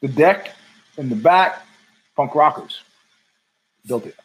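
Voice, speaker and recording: A man's voice: on the high side, expressive, slow pace, poor audio. A man hosting his own show from home, ranting in a profane, sardonic and digressive way. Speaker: podcast host. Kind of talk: ranting solo commentary.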